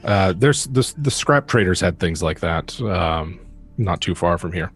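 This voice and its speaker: A man narrating as game master, describing scenes with many pauses and fillers. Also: deep voice, expressive, faint music behind.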